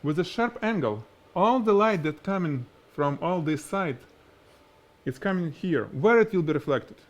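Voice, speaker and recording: A man with a strong Russian accent whose first language is Russian, teaching product photography on a live stream in an animated, demonstrating way. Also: on the high side, normal speed. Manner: animated, explains by demonstrating, laughs at himself. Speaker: photography instructor.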